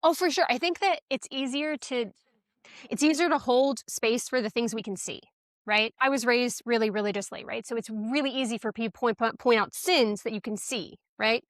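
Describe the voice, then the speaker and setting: A woman's voice: a little high, normal speed, no room sound, studio quality. A woman hosting a podcast, reflecting thoughtfully in conversation, with many filler words. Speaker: podcast host.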